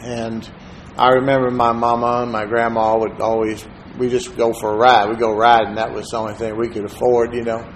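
A man delivers a sermon as a string of personal stories. His pitch sits in an ordinary middle range and he often drops to a hushed, soft-spoken aside. A faint room ambience hums quietly underneath. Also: little pitch movement, fairly quick, slight background noise, low-quality recording. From Texas, USA. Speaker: preacher.

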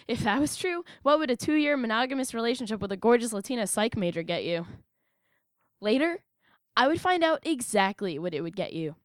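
A woman's voice: high voice, dry recording, clean studio sound. Wry young American woman telling her story. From United States. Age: young adult. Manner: wry, emphatic storytelling with sudden rises. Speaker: narrator. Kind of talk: first-person personal essay reading.

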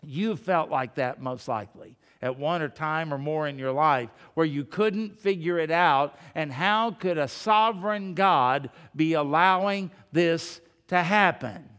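A man delivers a sermon in a high, smooth, resonant voice, talking to his congregation like folks across the table and asking one rhetorical question after another. His words ring out with the long reverb of a large hall. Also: unhurried, few pauses, fairly bright tone. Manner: conversational, full of rhetorical questions; addresses the congregation directly as folks. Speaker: preacher.

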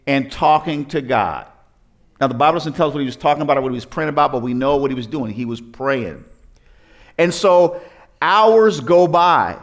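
A male pastor preaches a sermon in a somewhat raised, slightly high voice, retelling the story as though chatting with his congregation. He throws in rhetorical questions, stumbles and starts over, and keeps things loose and conversational.

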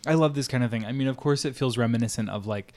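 A man co-hosts a podcast in relaxed, casual chat, tossing out jokes and silly bits. His voice sits at an ordinary middle pitch. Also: quick pace. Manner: jokey, playful, introduces clips. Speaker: podcast co-host.

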